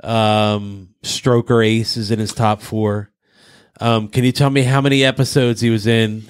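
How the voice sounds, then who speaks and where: A man's voice: fairly low pitch, flat delivery, a little slow, clear, resonant tone, no echo, clean studio sound. A man co-hosting a casual movie podcast, leading the trivia and teasing the others. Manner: quizzing, playful teasing. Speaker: podcast co-host running trivia.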